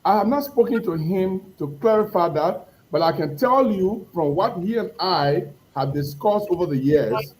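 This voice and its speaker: A man's voice: high-pitched, expressive, a little mellow, slight background noise, rough recording. A man speaking as a party member guest on a political talk show, arguing his point with frequent restarts. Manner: halting, repeats words as he argues. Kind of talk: political debate on a call.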